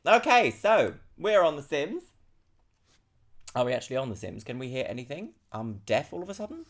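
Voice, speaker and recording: A woman streaming a game live, chatting casually and playfully, jumping now and then into high squeals. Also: big pitch swings, brisk.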